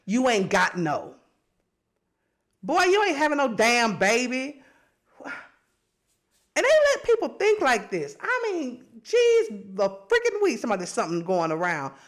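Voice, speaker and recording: Lively, sassy woman podcast host. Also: on the high side, measured pace, pauses often. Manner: animated, sassy, laughing often. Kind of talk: casual chat.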